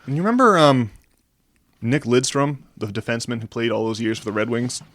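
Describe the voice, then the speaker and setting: A man around forty co-hosting a podcast. He rambles and restarts when chatting, then reads an essay aloud slowly and with emphasis. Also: medium pitch, fairly bright tone, no room sound, studio quality. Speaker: podcast co-host. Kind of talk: casual podcast chat and essay reading aloud.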